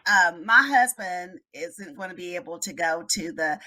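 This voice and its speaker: A woman's voice: lowish voice, normal speed, sharp tone. A woman author chatting in an interview, telling a story animatedly and acting out the voices in her quotes. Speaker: children's book author. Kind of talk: casual interview chat.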